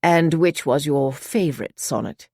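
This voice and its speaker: A woman reading an audiobook, voicing a thin middle-aged British man with a British accent who speaks in a polite, well-modulated, measured way. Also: low voice, a little mellow, no room sound, studio quality. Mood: courteous.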